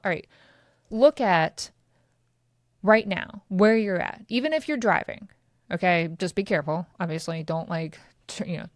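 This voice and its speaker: A woman's voice: mid-range voice, dry recording, clean studio sound. A woman in her thirties hosting her own podcast, talking casually and candidly, swearing and laughing now and then. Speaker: podcast host. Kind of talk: casual solo podcast talk.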